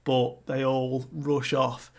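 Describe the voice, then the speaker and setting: A man casually recapping a manga chapter, animated and often laughing, with lots of fillers. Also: medium pitch, slow pace, gravelly. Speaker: manga reviewer. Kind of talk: casual recap with acted quotes.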